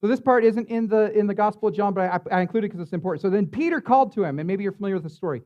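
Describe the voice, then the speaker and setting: A man's voice: high voice, steady tone, rapid-fire, highs cut off. A man preaching as a pastor in a church, in a loose, conversational way, full of fillers and tag questions. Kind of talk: sermon.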